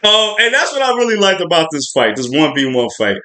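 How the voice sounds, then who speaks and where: A man's voice: on the high side, very animated, a little fast, sharp tone. A man hosting a podcast livestream, reviewing a show in a chatty, rambling way with lots of fillers. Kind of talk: casual spoiler review livestream.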